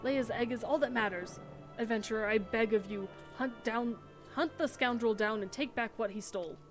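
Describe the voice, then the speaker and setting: A woman's voice: on the high side, normal speed, over music, lightly acted. A woman reading the part of a formal, anxious male noble who breeds chocobos, in old-fashioned speech, for a game. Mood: earnest.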